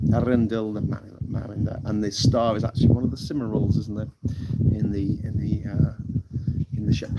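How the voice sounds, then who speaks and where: Rambling British man over loud outdoor noise. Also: on the low side. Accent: British English. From United Kingdom. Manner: rambling, swears freely, laughs at his own jokes. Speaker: live stream host. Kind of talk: casual chat reading live chat. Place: outdoors on a tropical island.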